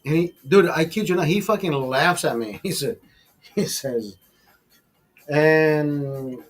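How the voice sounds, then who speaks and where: A man hosting a casual podcast, telling a long profane story in a rambling, animated way. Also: a little high, unhurried. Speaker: podcast host.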